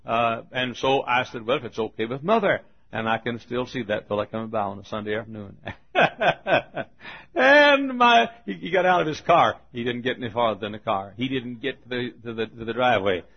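A man's voice: medium pitch, fairly quick, creaky. An older man preaching a folksy sermon, telling stories with frequent chuckles and restarts. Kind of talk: sermon storytelling. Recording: dull lo-fi sermon recording.

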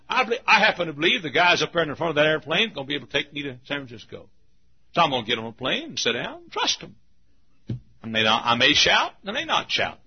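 An older man preaching a folksy sermon, telling stories, often laughing mid-sentence and breaking into sudden shouts. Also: a little high, husky. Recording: dull lo-fi sermon recording.

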